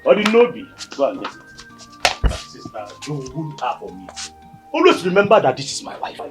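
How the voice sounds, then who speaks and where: A weary husband pleading for calm. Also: male voice, a little high, moderate pace, music in the background. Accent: Nigerian. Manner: pleading, soothing, repetitive. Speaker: husband and brother. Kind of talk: Nollywood film acting.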